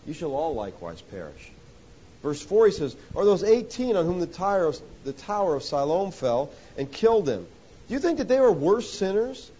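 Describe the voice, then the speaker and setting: A man preaching a sermon, rising to loud emphatic points and dropping to hushed lows, often calling listeners "folks.". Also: breathy edge. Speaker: pastor. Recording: dull lo-fi sound with faint hiss.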